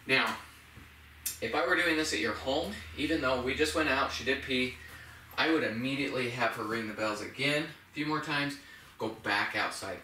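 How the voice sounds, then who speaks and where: A man who trains puppies, calmly explaining a training method step by step and softly praising the dog. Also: medium pitch, moderate pace, slight background noise. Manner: calm, plain explaining, with soft praise to a puppy. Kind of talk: instructional demonstration. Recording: echoey room, mic at a distance.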